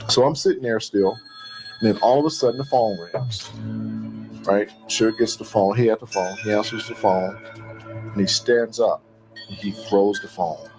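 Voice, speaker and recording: A man's voice: lowish voice, normal speed, over music, poor audio. A man telling a story from his own past, acting out what others said to him. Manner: animated retelling, acting out quoted dialogue. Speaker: interviewee recounting events. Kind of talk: storytelling interview clip.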